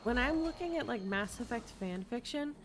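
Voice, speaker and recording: A woman's voice: fairly high pitch, animated, moderate pace, over a noisy crowd. A woman streaming a game and chatting casually, playful and giggly, breaking into silly hummed tunes. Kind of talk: casual gaming stream chat.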